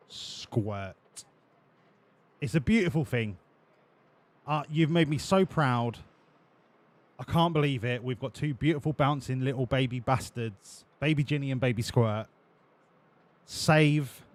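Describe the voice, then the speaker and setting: A man streaming a racing game live. He riffs sarcastically with his chat, swearing casually. His voice sits at an ordinary middle pitch.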